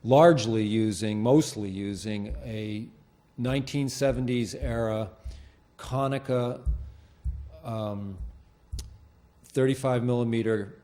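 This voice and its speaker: A man hosting a local TV show from a studio, talking off the cuff in a halting, rambling way with lots of fillers and restarts. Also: mid-range voice, warm tone. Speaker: host of a local cable show. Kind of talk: unscripted studio monologue. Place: TV studio with green screen.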